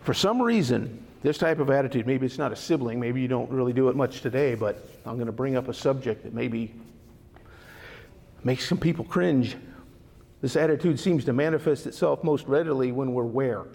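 A man's voice: medium pitch, moderate pace, creaky, darkish tone. A man preaching a Bible study sermon in a conversational way, often tossing rhetorical questions to his listeners. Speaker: pastor. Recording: long hall reverb.

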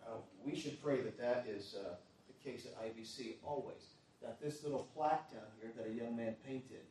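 A man preaching a sermon as a pastor, earnest, moving between quiet asides and forceful emphasis. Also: mid-range voice, moderate pace, a little hiss or hum. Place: church. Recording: echoey church hall, mic at a distance.

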